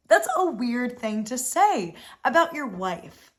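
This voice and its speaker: A young woman hosting a casual reality-show recap, animated and exasperated, full of "like" and swearing freely. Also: fairly high pitch, takes it slowly, hardly any pauses. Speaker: recap host.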